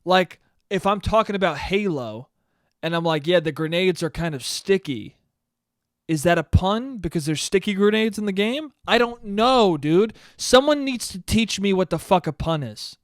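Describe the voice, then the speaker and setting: A man's voice: high-pitched, lively intonation, normal speed, dry recording, studio quality. A young man hosting a solo podcast, rambling casually and profanely with self-mocking asides. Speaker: podcast host.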